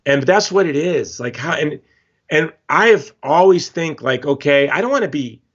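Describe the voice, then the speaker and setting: A man's voice: fairly high pitch, animated, normal speed, a bit bright, breathy edge, dull audio. A man speaking as a guest in a podcast interview, telling stories with passion and emphatic repetition. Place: Hawaii.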